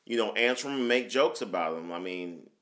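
A man's voice: fairly low pitch, lively intonation, a little fast, fairly bright tone. A man co-hosting a casual chat podcast, rambling with many restarts and fillers. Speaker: podcast co-host.

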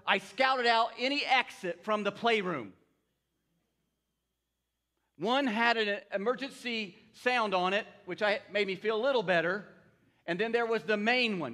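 An older male pastor delivers a sermon in a high-pitched voice. He tells a story and asks his congregation to answer him back. His tone is bright and sharp.

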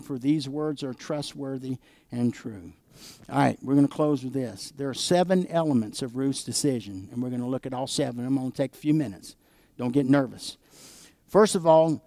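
Man, pastor, sermon, emphatic, fairly high voice, dry recording. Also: moderate pace, mellow, no echo. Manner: emphatic preacher, asks the congregation for amens.

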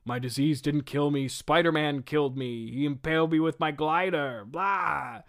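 A man reading out a scheming villainous father's lines in a lowered, coaxing tone. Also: normal speed, gravelly, a bit bright.

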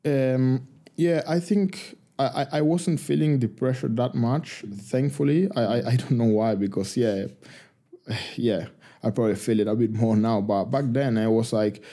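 A man, a rugby player telling stories as a guest in a casual interview, halting and full of restarts. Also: mid-range voice. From Argentina. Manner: halting, many restarts and fillers, relaxed.

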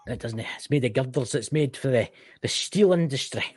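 A man's voice: medium pitch, normal speed, a little mellow, slightly rough. A Scottish man co-hosting a podcast, chatting casually in a rambling, joking way. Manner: rambling, swearing, banter. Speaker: podcast co-host. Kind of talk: casual chat.

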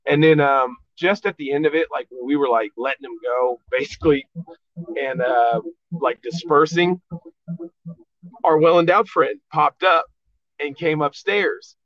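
A man's voice: fairly high pitch, a little slow, dry recording. A man, a podcast guest, telling a rambling, profane story in casual chat. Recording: dull lo-fi dry sound.

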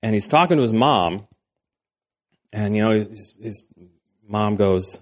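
A man in his thirties delivers a sermon in a relaxed, conversational manner. His voice sits low, and he often breaks into quoted back-and-forth dialogue. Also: a little slow, long pauses. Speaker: pastor.

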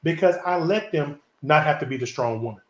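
A man in his forties talks fast and emphatically, with a fairly high voice for a man. He leads a casual group conversation in a preachy way and acts out little dialogues to make his point. The room sounds echoey. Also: animated, dull audio. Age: 40s. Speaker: podcast host.

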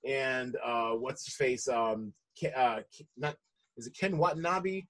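Unhurried and a little bright, this medium-pitched American voice belongs to a man co-hosting a podcast. He rambles through casual conversation with lively intonation, often restarting sentences and laughing easily.

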